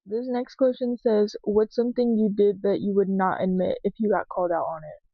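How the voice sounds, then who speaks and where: A young woman vlogger answers viewer questions in a casual, confessional chat, rambling with plenty of "like" and "um" and swearing freely. Her mid-range voice moves briskly with fairly even intonation. The recording has no room sound and the highs are cut off.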